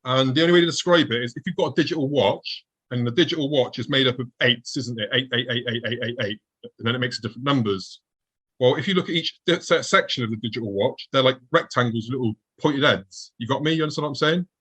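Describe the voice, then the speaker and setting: A man's voice: medium pitch, fast, fairly bright tone, breathy edge, rough recording. A man, a guest on the show, vividly recounting a personal encounter and acting out his own past thoughts as he goes.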